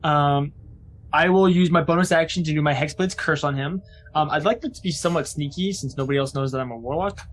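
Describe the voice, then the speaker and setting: A man with a somewhat raised voice talks through his moves as a player in a tabletop game. He is quick to get excited and gushes over good rolls. Faint ambient noise sits underneath. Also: on the high side. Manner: excitable, enthusiastic exclamations. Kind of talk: casual tabletop game chat.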